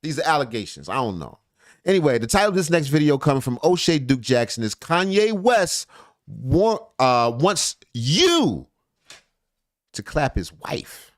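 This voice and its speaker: Male reaction host, lively rambling commentary, dry close sound. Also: a little high, unhurried, no room sound. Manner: animated, rambling, jokey asides. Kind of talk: casual commentary reacting to a video.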